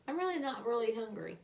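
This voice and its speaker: A woman's voice: a little high, vocal fry, noisy background. A tired woman chatting casually and laughing as she tells stories about her day. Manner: loose, laughing storyteller. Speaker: co-host. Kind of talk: casual chat.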